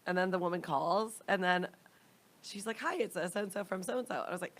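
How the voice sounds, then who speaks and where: A woman's voice: fairly low pitch, brisk. A young adult woman co-hosting a comedy podcast, chatting casually with giggles and exclamations. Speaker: podcast co-host. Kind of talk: casual chat.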